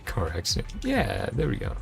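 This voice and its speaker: A man's voice: fairly low pitch, moderate pace, creaky, faint music behind. A man streaming a video game, chatting casually and rambling with frequent chuckles. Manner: relaxed, rambling, chuckles often. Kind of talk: casual gameplay commentary.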